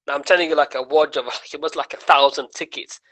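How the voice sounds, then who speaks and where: A man's voice: fairly high pitch, quick pace, poor audio. A man, a comedian guest on a podcast telling a story and acting out the voices of the people in it. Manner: animated, acts out quoted voices.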